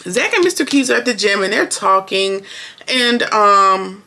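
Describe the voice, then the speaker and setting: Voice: mid-range voice, lively intonation, a little slow, vocal fry, sharp tone. A show reviewer recapping an episode in casual, opinionated, slangy chat, talking straight to viewers.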